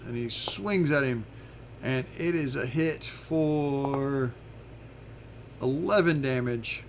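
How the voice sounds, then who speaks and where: Male game master, mid-pitch, slow and unhurried, halting tabletop narration. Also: fairly bright tone, slight background noise.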